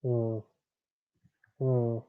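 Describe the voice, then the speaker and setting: A young man hosts a cricket watchalong stream at a middle pitch, groaning, pleading and chattering with each delivery. His excitable commentary comes through dull, lo-fi stream audio. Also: drawn-out words, smooth. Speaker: livestream host.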